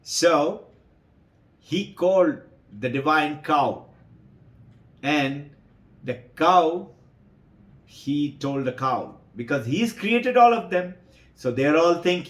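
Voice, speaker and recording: A man telling a sacred story to devotees as a spiritual teacher, animated and acting out the characters. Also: a little high, slow, pauses often, echoey room.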